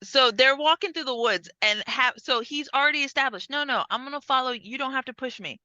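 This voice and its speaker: Chatty bright-voiced woman, lo-fi dry. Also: sits high, brisk, no echo. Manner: chatty, swears freely, acts out lines from the film as she retells it. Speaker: podcast host. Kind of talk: casual chat.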